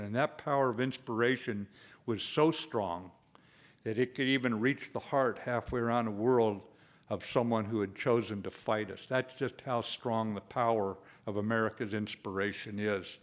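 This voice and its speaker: An older man, a retired general, giving a speech with a personal war story, told in a measured way with frequent fillers. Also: mid-range voice, fairly bright tone.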